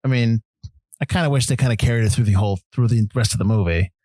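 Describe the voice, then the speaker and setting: Low-voiced man rambling on a podcast. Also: fast, darkish tone, dry recording. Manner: rambling, hedging, many fillers. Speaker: podcast co-host. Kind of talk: casual film discussion.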